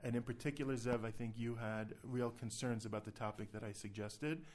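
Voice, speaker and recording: A man's voice: medium pitch, steady tone, fairly quick, darkish tone. A man hosting a casual podcast, talking in a chatty, self-deprecating way with loose restarts. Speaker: podcast host.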